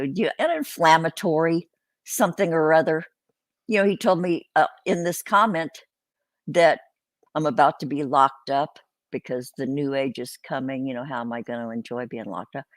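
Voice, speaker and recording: A woman's voice: low-pitched, dry recording. Salty older woman hosting a chat stream. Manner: salty, rambling, swears freely. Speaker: host. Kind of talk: casual live-stream chat.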